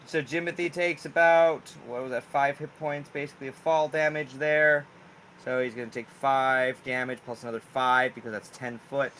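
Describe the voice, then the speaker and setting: An animated man running a tabletop game. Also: mid-range voice, moderate pace, a little hiss or hum. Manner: animated, loose storytelling with many "like"s. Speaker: game master.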